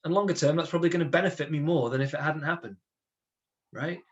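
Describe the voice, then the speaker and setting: A man giving a motivational webinar to an online audience, chatty and energetic, often checking in with his listeners. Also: a little high, fast, muffled recording. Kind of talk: lively talk to an online audience.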